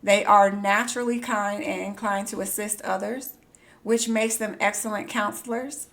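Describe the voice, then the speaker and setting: A woman streaming a game live, reading on-screen text aloud and breaking into excited squeals. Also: medium pitch, moderate pace, gravelly. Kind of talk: live gameplay commentary.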